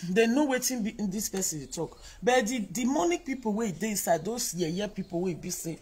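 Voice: medium pitch, lively intonation, brisk, hardly any pauses, darkish tone, husky, poor audio. A speaker with a Nigerian accent lecturing online commenters in a scolding, repetitive monologue.

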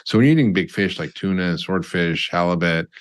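Deep-voiced man explaining. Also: a little fast, clear, resonant tone. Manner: explanatory, lists examples, frequent restarts. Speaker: doctor and guest. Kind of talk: conversational interview.

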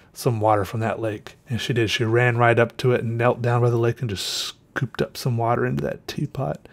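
A man's voice: medium pitch, creaky. A man hosting a podcast, telling a rambling story in a casual way, correcting himself often and a little out of breath. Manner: rambling, self-correcting, trails off with fillers. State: slightly out of breath. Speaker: podcast host.

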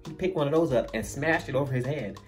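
A man telling a funny story in a storytime vlog, animated and acting out the voices of the people in it. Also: medium pitch, quick pace, loud music behind the voice.

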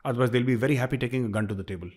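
Indian-accented man, middle-aged, emphatic commentator, mid-pitched voice, repeats points for force. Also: racing, a little mellow. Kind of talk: opinion commentary.

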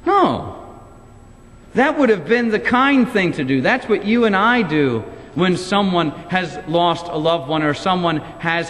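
A man's voice: on the high side, fairly bright tone, slight background noise. A male pastor delivering a sermon in a church, pressing his point with emphatic rhetorical questions. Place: church sanctuary. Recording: long church reverb.

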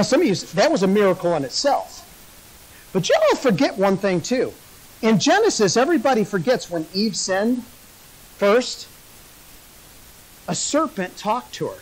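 A man's voice: sits high, rough recording. A male pastor preaching a sermon, folksy and joking as he tells a story.

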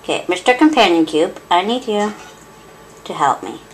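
A woman giving gameplay commentary through a cheap headset, excitable and giggly, swearing and muttering to herself. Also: fairly low pitch, normal speed, a little hiss or hum. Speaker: let's play host.

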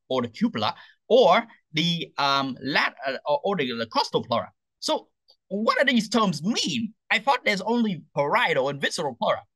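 A male lecturer with a bright, forward voice that climbs and dips as he explains. He checks in with his listeners by adding "okay?" after each point and poses questions before answering them himself. The recording is dry and close, with no room sound. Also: medium pitch, no echo, rough recording. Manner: lively, repeats "okay?" to check understanding. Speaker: anatomy lecturer.

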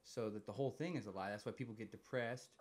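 A man co-hosting a podcast in casual chat, laid-back and joking, with quick banter. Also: fairly low pitch, a little hiss or hum. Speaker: podcast co-host.

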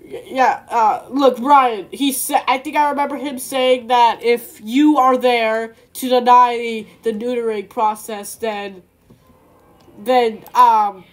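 A woman with a high voice improvises a comic role-play over chat. She talks frantically, breaking into yells and laughter. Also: fairly even intonation, unhurried.

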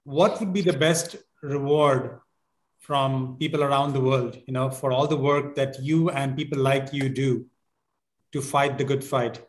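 A man's voice: mid-range voice, fairly even intonation, unhurried. A man hosting a live online talk over a video call, politely thanking his guest and reading out audience questions. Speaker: host.

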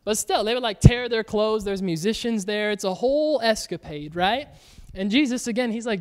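A man's voice: sits high, normal speed. A young man preaching a casual, chatty sermon as pastor, filling his talk with "like" and "y'all" and acting out the voices in the story. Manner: chatty and animated, says "like" and "y'all" often, acts out Bible voices.

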